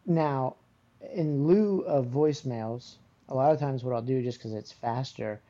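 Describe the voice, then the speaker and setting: A man's voice: mid-range voice, measured pace, warm tone, lo-fi sound. A man in casual chat, explaining his pet peeves in a matter-of-fact way.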